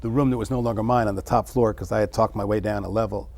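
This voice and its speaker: A middle-aged man, an interview guest, musing over childhood memories in a halting way, with many restarts. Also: fairly low pitch, fairly even intonation, a little mellow. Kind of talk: reflective personal storytelling.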